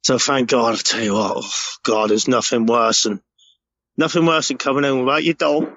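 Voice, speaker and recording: A man's voice: medium pitch, moderate pace, fairly bright tone, no room sound, dull audio. Sweary middle-aged man. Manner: rambling, swears freely, emotional storytelling. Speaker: podcast segment contributor. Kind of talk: casual recorded voice message.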